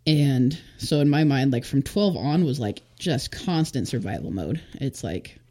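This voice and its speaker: A young woman with a bass voice tells her life story as a podcast guest in a casual interview. She's expressive, unhurried and mellow, chatty and full of fillers, and acts out what people said.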